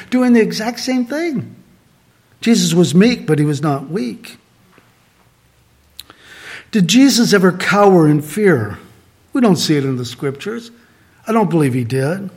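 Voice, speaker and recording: A man from Southern California with a slightly high-pitched voice delivers a sermon in a relaxed, conversational way. He keeps returning to a short refrain and asks his listeners rhetorical questions. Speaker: pastor.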